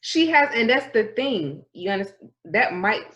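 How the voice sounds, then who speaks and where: A woman's voice: on the high side, very animated, normal speed, a bit bright, highs cut off. A woman co-hosting a podcast in casual chat, explaining things at length and breaking into bits of song. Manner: explains things at length, sings snatches of songs. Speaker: podcast co-host.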